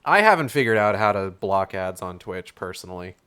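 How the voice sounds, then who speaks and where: A man's voice: low voice, big pitch swings, a little fast, bright, forceful tone, clean tone. A man streaming a video game, chatting casually and sarcastically, swearing and reading on-screen text aloud. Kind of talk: casual gameplay commentary.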